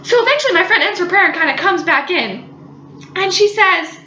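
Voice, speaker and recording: Young woman, giggly animated storyteller, echoey room, slightly dull recording. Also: very high voice, racing. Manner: giggly, animated, dramatic retelling. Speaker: vlogger. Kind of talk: comic personal storytelling.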